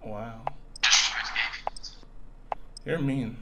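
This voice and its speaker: A man's voice: mid-range voice, takes it slowly, slight background noise. A man teasing and joking on voice chat while playing a shooter game. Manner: playful, teasing, laid-back. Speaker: gaming video creator. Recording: loud game gunfire over voice.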